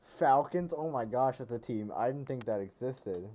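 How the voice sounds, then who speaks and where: Guy streaming a racing game, mellow voice, rambly and jokey, keeps correcting himself. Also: medium pitch, lively intonation, normal speed. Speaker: gaming streamer. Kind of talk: casual live game commentary. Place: lives near a Pennsylvania capital city.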